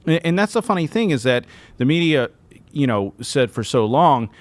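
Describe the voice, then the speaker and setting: A man co-hosting a casual political chat, explaining points in a measured way. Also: on the high side, very animated, no echo.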